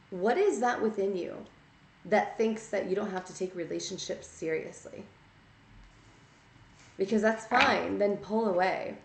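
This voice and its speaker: A woman's voice: medium pitch, slight background noise. A woman giving a casual tarot reading, blunt and chatty, scolding her listeners and checking in with "okay?". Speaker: tarot reader. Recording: echoey room.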